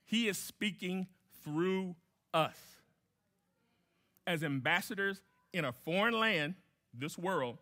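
A man's voice: high voice, animated, takes it slowly, pauses often, sharp tone. A man preaching a sermon as a guest pastor, emphatic, repeating key phrases and putting questions to the congregation.

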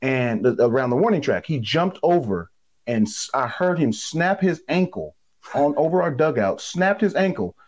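Former player, man, sports talk guest: emphatic, profane, pitch jumping all over. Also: moderate pace. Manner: animated, emphatic and blunt, swears freely.

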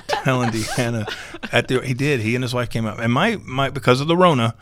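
A man's voice: medium pitch, a little fast, background noise. A young man, a seminarian guest, telling a story casually and acting out the dialogue. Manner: animated, acts out dialogue with laughter.

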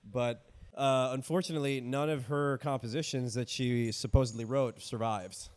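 A man's voice: mid-range voice, steady tone, normal speed, darkish tone. A young man co-hosting a podcast, chatting casually and jokily, rambling through asides. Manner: rambling, jokey, trails off into asides. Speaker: podcast co-host. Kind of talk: casual comedic chat.

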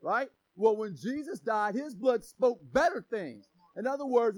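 Preaching slightly slowly, this pastor has a remarkably high voice and a lively, playful manner, trading jokes with his congregation. Key phrases get shouted for emphasis, and the audio quality is low.

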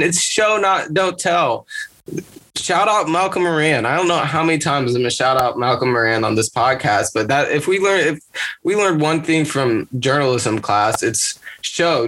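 Animated swearing male podcast host. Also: medium pitch. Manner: animated, swears freely, laughs often. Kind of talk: casual music podcast chat.

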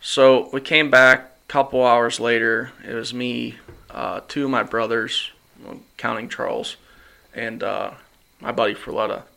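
A man's voice: mid-range voice, level tone, measured pace, vocal fry, sharp tone. A man hosting a podcast, telling a hunting story in casual chat, acting out quotes and laughing often. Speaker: podcast host. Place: studio.

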